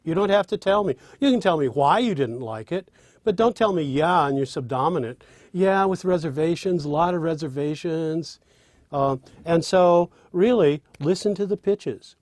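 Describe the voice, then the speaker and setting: Man, fairly high-pitched, dry close sound; animated teacher of songwriting who speaks and sings example lines. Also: moderate pace, dry recording. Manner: demonstrates by speaking and singing lines; animated, with restarts. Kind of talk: spoken lesson with sung examples.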